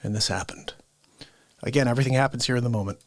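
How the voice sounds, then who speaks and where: A man's voice: medium pitch, fast talker, no room sound. A man hosting a live comedy stream, chatting casually and directly with his viewers. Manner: chatty, talks straight to viewers. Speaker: livestream host.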